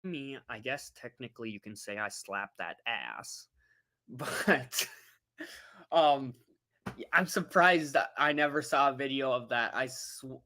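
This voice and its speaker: Slow-talking woman telling a story. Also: a bass voice. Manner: animated, laughing, talks to chat viewers. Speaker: vlogger telling a travel story. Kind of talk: casual livestream storytelling.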